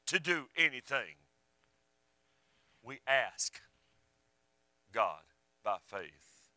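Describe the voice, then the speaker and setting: A man preaching a sermon, fervent one moment and hushed the next, with a drawl. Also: mid-range voice, very animated, very slow, long pauses, no echo, poor audio. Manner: fervent, rising and falling, drops to a hush.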